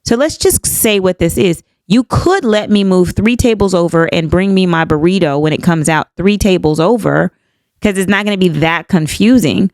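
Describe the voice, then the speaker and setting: Woman, fifties, podcast host, candid storyteller; low, smooth voice, dry close sound. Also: normal speed, no echo. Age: 50s. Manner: candid, animated retelling with quoted dialogue. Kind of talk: personal storytelling.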